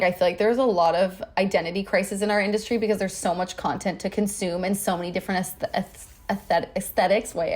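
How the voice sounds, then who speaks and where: A woman's voice: medium pitch, darkish tone. A young woman from Canada, a podcast guest, chatting casually and upbeat with lots of "like". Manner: chatty, upbeat, heavy use of "like". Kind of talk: casual chat.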